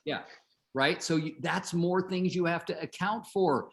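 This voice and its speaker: A man's voice: on the high side, animated, unhurried. A middle-aged man coaching real estate agents on a group call, chatty, telling stories and asking the group questions.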